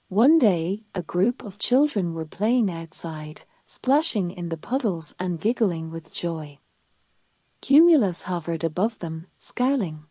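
A woman reading a children's bedtime story aloud in a calm, soothing way. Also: lowish voice, takes it slowly, no echo.

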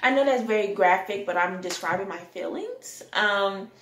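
A young adult woman telling a candid personal story in a rant, animated and sometimes breaking into song. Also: mid-range voice, moderate pace. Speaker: vlogger. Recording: echoey room.

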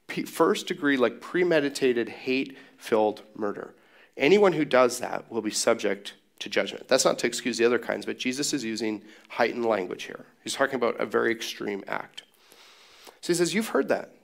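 Gravelly-voiced man preaching a casual sermon. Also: medium pitch. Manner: casual, joking, sarcastic asides. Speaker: pastor.

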